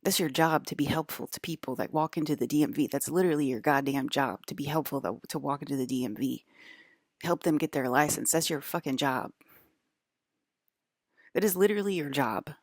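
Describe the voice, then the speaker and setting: A low-pitched woman with a gravelly, creaky voice talks straight to her audience. She drifts from one thought to the next, stopping and restarting sentences. The sound is dry and close. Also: fairly quick, dry recording. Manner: rambling, restarts, drifts between topics. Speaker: broadcaster. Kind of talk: rambling monologue to viewers.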